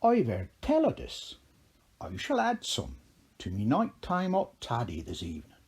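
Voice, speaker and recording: A man's voice: a little high, darkish tone, husky, heavily acted. A man voicing a mischievous, teasing old leprechaun king in a lilting, playful storybook voice. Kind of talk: storybook character voice.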